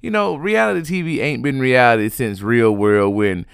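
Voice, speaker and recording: A man giving a sassy, chatty recap of reality TV gossip, animated and full of fillers, yawning now and then. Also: mid-range voice, moderate pace, vocal fry, clear, resonant tone, no room sound, studio quality. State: sleepy, yawning.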